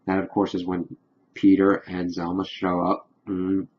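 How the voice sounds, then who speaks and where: A man's voice: low voice, completely flat delivery, a little slow. A man giving a casual, enthusiastic spoken review of a comic book. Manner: chatty and enthusiastic, acts out characters' lines. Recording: dull lo-fi recording.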